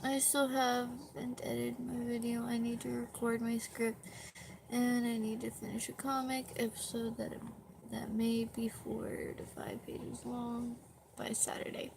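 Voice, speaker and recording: A woman's voice: fairly high pitch, level tone, unhurried, gravelly, noisy background. A young woman chatting casually on a live stream, tired, rambling and self-deprecating, with a dog on her back at home.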